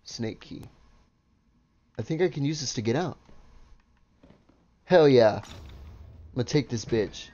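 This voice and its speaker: A man playing a video game and commenting casually, excitable and swearing a lot as he talks to his viewers. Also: medium pitch, takes it slowly, pauses often, dull audio. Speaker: gaming video host. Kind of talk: casual let's-play commentary.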